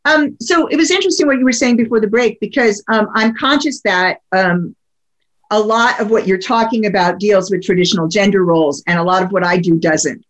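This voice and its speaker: A woman's voice: medium pitch, a little fast. A woman hosting a radio talk show, asking questions in a thoughtful way with many fillers and restarts. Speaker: radio show host, sex therapist. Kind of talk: casual interview chat.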